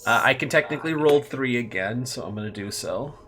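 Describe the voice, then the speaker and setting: A man's voice: medium pitch, expressive, fairly quick, music in the background. A man playing a tabletop role-playing game, stammering and laughing as he talks through his dice rolls. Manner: stammering, laughing, self-deprecating. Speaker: player. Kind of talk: casual tabletop game chat.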